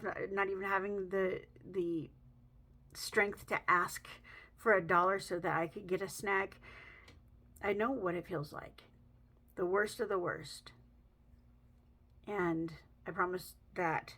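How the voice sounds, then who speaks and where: A woman talking in a heartfelt personal vlog, emotional and halting, choked up, with soft pauses. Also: lowish voice, flat delivery. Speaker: vlogger.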